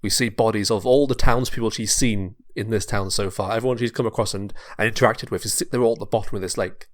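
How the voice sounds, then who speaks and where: A man on a podcast, casually narrating a pitched story, rambling and repeating words. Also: steady tone, quick pace. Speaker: podcast host.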